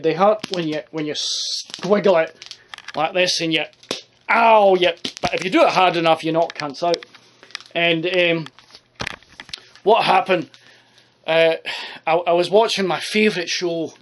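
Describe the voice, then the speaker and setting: A man's voice: a little high, fairly bright tone. A man giving a crude, profane, rambling comic monologue to the camera. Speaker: comedy vlogger.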